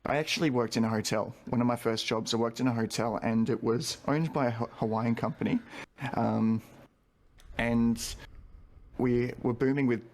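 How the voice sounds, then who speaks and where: A man's voice: mid-range voice, steady tone, normal speed, a little mellow. An Australian man on a video call, telling stories in an easygoing, chatty way. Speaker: guest panelist. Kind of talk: casual chat.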